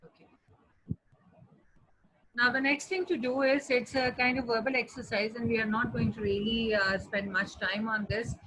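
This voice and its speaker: A woman teaching an English grammar lesson, explaining patiently and repeating examples slowly. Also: on the high side, pushed and bright, slight background noise, rough recording. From Pakistan. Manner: explaining patiently with repetition, slowing to spell out words. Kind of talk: classroom lesson.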